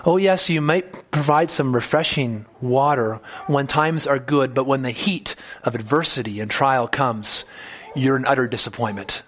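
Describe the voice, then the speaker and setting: A man with a mid-range, fairly bright voice preaches an expository sermon at normal speed. He reads scripture aloud, speaking its lines in first person with rising emphasis, then explains it in plain words.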